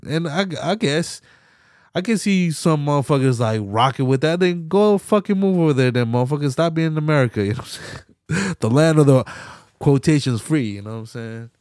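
A man hosting a podcast, delivering a profane, slang-heavy political rant that swings between loud outbursts and low mutters. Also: no echo, studio quality. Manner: profane, heated, slangy ranting. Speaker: podcast host.

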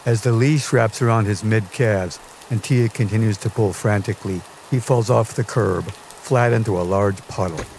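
A man's voice: on the low side, moderate pace, few pauses, darkish tone, slight background noise. A man narrating a scripted personal memoir in a dry, wry storytelling manner. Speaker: podcast narrator.

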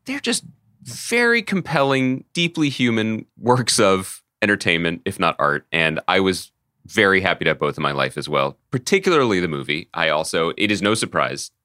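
Wry, lively low-voiced man. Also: normal speed, no echo, clean studio sound. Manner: teasing, wry, lively banter. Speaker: podcast co-host. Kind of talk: casual chat.

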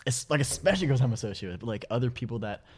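A man's voice: medium pitch, expressive, racing, breathy edge. A young man hosting a podcast, chatting casually in slang with lots of fillers. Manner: slangy, laid-back, trails off into fillers. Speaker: podcast host. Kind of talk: casual chat.

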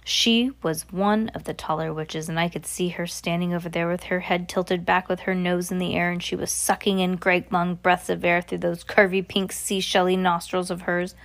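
A woman's voice: on the low side, flat delivery, moderate pace, few pauses. A woman reading a children's book aloud in a casual way, with small slips and giggles along the way.

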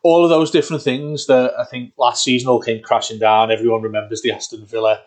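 A man co-hosting a casual football podcast, talking in a rambling, excitable way with many restarts. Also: mid-range voice, fast. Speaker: podcast co-host.

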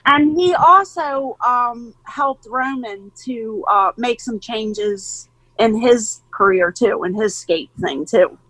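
High-pitched mom in her 40s telling stories in an interview, acts out quotes, laughs a lot, dry close sound. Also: slow pace, no echo, rough recording. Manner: animated storyteller who acts out quotes and laughs often. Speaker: guest, mother of young skateboarders. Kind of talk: casual interview chat.

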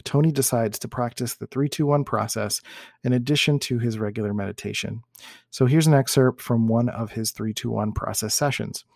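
A man reading a book passage aloud in a measured way, sometimes restarting words and adding comments of his own. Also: medium pitch, gravelly, a little mellow, no echo, studio quality. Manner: measured, with occasional restarts and self-corrections.

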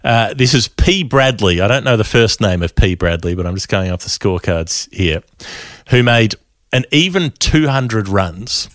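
Australian man with a low, dry voice. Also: animated, normal speed, a bit bright, no echo. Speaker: podcast co-host. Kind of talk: casual podcast chat.

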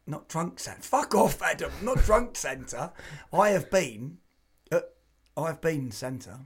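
A man's voice: a little high, big pitch swings, unhurried, husky. A man co-hosting a comedy podcast, rambling and restarting his stories through laughter. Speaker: podcast co-host. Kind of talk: casual comedy banter.

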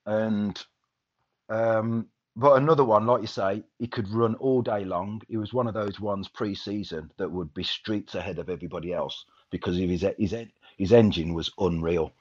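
A man's voice: fairly low pitch, fairly even intonation, normal speed, darkish tone. A man, a former footballer, reminiscing casually in a rambling way with many restarts. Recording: dull lo-fi sound.

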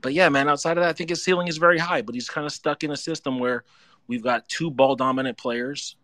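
A man's voice: fairly high pitch, fast, bright, forceful tone, no room sound. A man calling in to a sports talk show, earnest and a little nervous, rambling through his points. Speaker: caller. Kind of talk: call-in fan talk.

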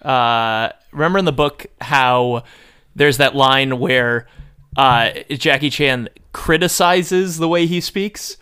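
A man's voice: mid-range voice, slow, pushed and bright, clear, resonant tone. A man co-hosting a casual podcast chat, rambling and full of fillers. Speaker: podcast co-host.

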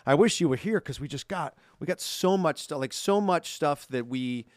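A man's voice: on the high side, expressive, normal speed, no echo. Upbeat man co-hosting a podcast. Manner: chatty, upbeat, reads fan mail aloud. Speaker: podcast co-host. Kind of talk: casual podcast chat. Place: podcast studio.

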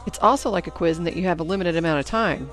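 A woman voicing a stern female junior high teacher who gives brisk, commanding instructions to her class in a storybook reading. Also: soft background music, close to an everyday voice.

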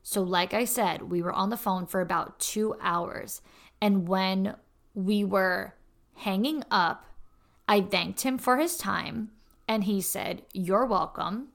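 This is a young woman talking straight to her podcast listeners, chatty and loose. She drops "like" and "honestly" all through her sentences. A touch of vocal fry roughens the ends of her phrases, and her pitch sits at an ordinary middle height. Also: slow. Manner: chatty, peppers speech with "like" and "honestly". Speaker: podcast host. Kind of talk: casual storytelling monologue.

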